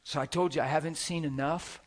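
A man preaching a sermon, telling stories with animated swings from shouts to hushed whispers and laughing as he talks. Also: fairly high pitch, fairly quick. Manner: laughs while talking.

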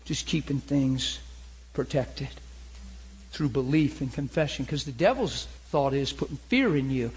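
A middle-aged man delivers a sermon as a story, his voice slightly husky and pitched a little high. He acts out each side of the conversations with animation. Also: rough recording. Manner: animated, acts out both sides of dialogue. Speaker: preacher.

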